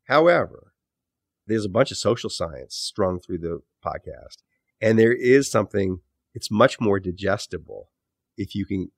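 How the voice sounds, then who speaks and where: A male author and podcast host gives a casual interview, rambling thoughtfully and frequently correcting himself mid-sentence. His voice sits low, and the studio-quality recording has no echo.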